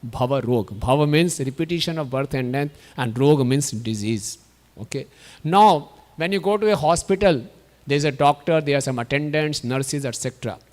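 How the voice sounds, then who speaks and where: A man giving a devotional sermon in a temple, telling stories with animated acted-out voices and laughs. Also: on the high side, moderate pace. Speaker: guest speaker at a temple. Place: temple hall. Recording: long hall reverb.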